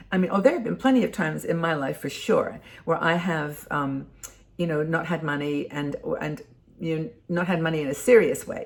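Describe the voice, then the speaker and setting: A woman's voice: sits low, gravelly. A woman in her sixties giving casual, rambling advice to camera, full of ums and restarts. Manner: warm conversational, rambling with many ums and restarts. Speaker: host of a community for older women.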